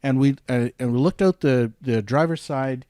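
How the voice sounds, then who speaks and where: A male trucker telling a road story in casual chat, animated and rising sharply in pitch when excited. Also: normal speed, no room sound, studio quality. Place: studio table.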